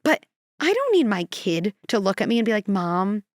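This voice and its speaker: A woman's voice: on the high side, huge pitch swings, a little fast, no echo, studio quality. A female clinical psychologist, a guest in a conversational podcast interview, talking animatedly and acting out quotes and little scenarios.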